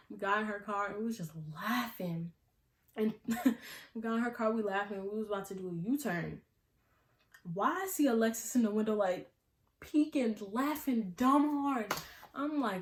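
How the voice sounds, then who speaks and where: A young adult woman vlogger telling a casual storytime in an animated, slangy way, often breaking into laughs. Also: a little high, moderate pace, a little hiss or hum. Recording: roomy echo.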